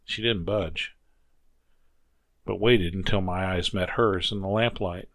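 A man narrating a first-person story as an audiobook reader, measured and reflective. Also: deep voice, steady tone, fairly bright tone, no room sound.

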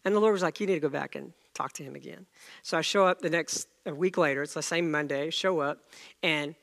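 A middle-aged man preaching a sermon, telling a story and acting out the dialogue with lively energy. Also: on the high side, brisk, creaky. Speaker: pastor.

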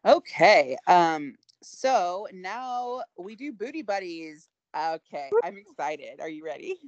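A woman co-hosting a casual podcast, her voice lower than most and swinging widely in pitch as she rambles and giggles at herself. The sound is dry and close, with no room around it. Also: sing-song, slow pace, no echo, dull audio. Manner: giggly, rambling, self-deprecating. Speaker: podcast co-host. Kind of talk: casual chat.

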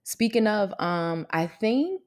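A woman's voice: mid-range voice, slow. A young adult woman co-hosting a podcast, chatting casually and laughing often as she tells stories. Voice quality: laughs often, animated storytelling. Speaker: podcast co-host. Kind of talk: casual chat.

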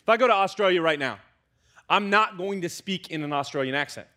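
A young American man, a student pastor, preaching a conversational sermon with lively asides to the congregation. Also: high voice, fairly quick. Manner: conversational, animated preaching with fillers and audience asides.

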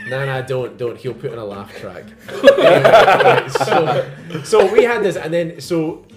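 A man's voice: fairly high pitch, big pitch swings, slow pace, over a noisy crowd. A young man and podcast co-host, telling a rambling story in casual, tipsy banter with lots of laughing. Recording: roomy echo, music behind.

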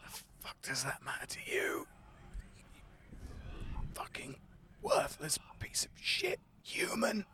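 A man voicing a spiteful reanimated severed head that curses in a hoarse whisper through gritted teeth. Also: high voice, huge pitch swings, slow pace, pauses often, pushed and bright, pitched above the performer's own voice, exaggerated voice. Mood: hateful. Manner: snarling, cursing.

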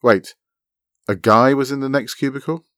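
A man's voice: fairly low pitch, a little fast, no echo, clean studio sound, close to an everyday voice. A man reading a bubbly flirty woman. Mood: teasing. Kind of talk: reading a story aloud.

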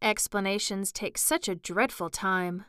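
A woman voicing an impatient, know-it-all male Gryphon in a storybook reading, brisk and solemn. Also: medium pitch, steady tone, fairly bright tone, clean tone, no echo, studio quality, close to an everyday voice.

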